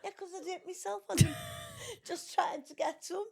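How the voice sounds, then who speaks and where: This older woman, mother of the podcast's host, has a very high-pitched voice with vocal fry and speaks at a normal speed. As a guest, she casually tells family stories, animatedly acting out quotes in raised voices.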